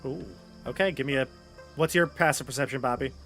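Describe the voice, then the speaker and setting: A man narrating as game master of a tabletop role-playing game in a relaxed, casual way. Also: mid-range voice, fairly quick, faint music behind.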